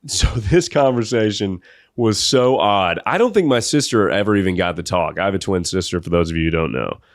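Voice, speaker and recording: A young man with a somewhat low voice tells a funny story on his podcast. He rambles and laughs as he talks, recorded close up on a dry mic. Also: animated, a little fast, no room sound. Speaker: podcast host. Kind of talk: comedic storytelling.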